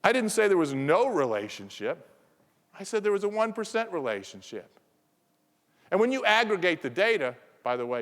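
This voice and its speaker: In a reverberant conference hall, a man from the American South teases his audience during a playful keynote talk. His voice is high and fairly bright.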